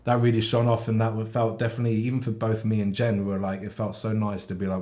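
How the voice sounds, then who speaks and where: A man's voice: lowish voice, level tone, fast, few pauses, a little mellow. Young English male host, jokey and chatty, casual pub conversation. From England. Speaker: podcast host.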